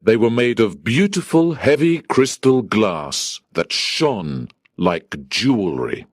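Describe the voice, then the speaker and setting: A male narrator reads a folktale slowly and deliberately, with a lowish voice that rises and falls widely. The sound is close and dry. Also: sing-song, no room sound. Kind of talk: scripted story narration.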